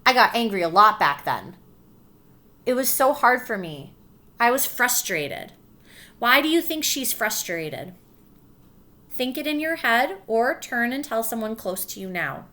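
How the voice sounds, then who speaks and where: Gentle woman reading aloud to children. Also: fairly high pitch, very animated. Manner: gentle, coaxing, pauses to ask questions and spells letters slowly. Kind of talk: children's read-aloud with comprehension questions.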